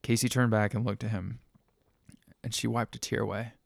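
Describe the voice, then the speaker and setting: A man narrating a spooky story in a measured, dramatic manner. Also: fairly low pitch, little pitch movement, gravelly, dry recording, clean studio sound.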